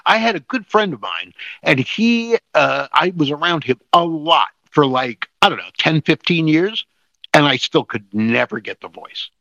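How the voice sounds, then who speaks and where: Cranky ranting man, gravelly and lively. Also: a little high, normal speed, no echo. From New Jersey. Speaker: podcast co-host. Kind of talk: casual comedic chat. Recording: dull lo-fi sound, dry.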